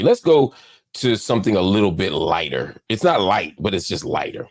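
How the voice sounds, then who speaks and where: Hosting a political commentary show, this man has a deep, slightly rough voice with lively intonation. He speaks with heated, preacher-like force, hammering phrases through repetition, yet his manner is heartfelt, slower, and subdued.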